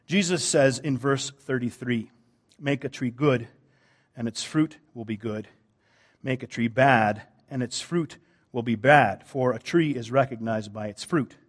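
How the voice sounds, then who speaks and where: A man, a pastor, preaching a sermon, moving between loud emphasis and quiet, drawn-out lines. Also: medium pitch.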